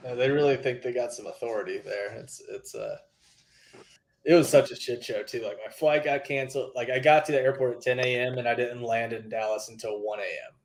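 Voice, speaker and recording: A man with a mid-pitched voice co-hosts a loose conversation. He is easygoing, agrees readily, and drops casual swears. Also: brisk. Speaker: podcast co-host. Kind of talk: casual chat.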